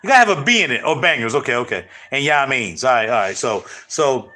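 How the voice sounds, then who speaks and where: A middle-aged man hosting his channel, chatting casually to viewers in loud, animated, slangy street talk. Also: medium pitch, quick pace, few pauses. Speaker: channel host.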